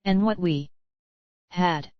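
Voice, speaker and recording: A woman reading a screenplay aloud in a flat manner, naming each speaker before the line. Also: lowish voice, slow pace, no echo, dull audio.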